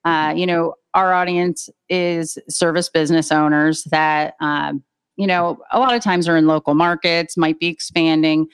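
Smooth-voiced woman hosting a podcast. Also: low voice, steady tone, normal speed. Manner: upbeat, stumbling over words. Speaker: podcast co-host. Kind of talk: casual podcast interview.

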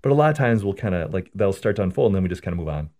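Very deep voiced priest, earnest, chatty teaching, lots of "right?". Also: male voice, expressive, very fast, warm tone. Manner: earnest, storytelling, repeats "right?". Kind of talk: conversational teaching on prayer.

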